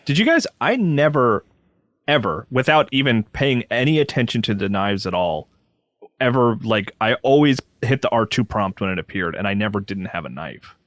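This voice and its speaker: A man's voice: on the low side, expressive, normal speed, fairly bright tone, no room sound, studio quality. A man co-hosting a casual game podcast, laid-back and rambling. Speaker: podcast co-host. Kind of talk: casual chat.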